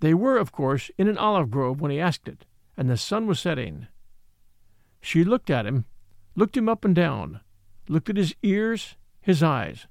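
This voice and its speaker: A man narrating a classic ghost story aloud in a dramatic, expressive reading. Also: fairly high pitch, measured pace, creaky, no room sound, studio quality. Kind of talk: scripted audiobook narration.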